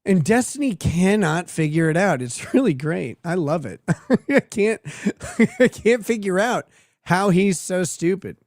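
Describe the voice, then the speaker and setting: This livestream host has a high, sing-song voice with a darkish tone, delivered at a measured pace. The studio sound is clean with no echo as he reads viewer messages and answers with crude, sardonic humor and frequent laughter in casual commentary.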